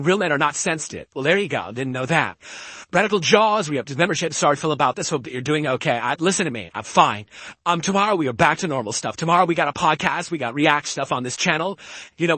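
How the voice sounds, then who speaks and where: A man reads out viewer donations on a live stream. His voice runs through a voice changer and comes out a little high, very bright and husky. He rambles on and defends himself at length. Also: no echo. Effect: voice changer altering his voice.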